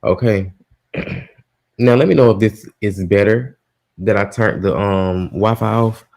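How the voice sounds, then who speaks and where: A man's voice: lowish voice, measured pace, gravelly, darkish tone. Profane, exasperated male live-stream host. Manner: exasperated, profane, talking to his listeners. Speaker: host of a live gossip show. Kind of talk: casual live-stream chat.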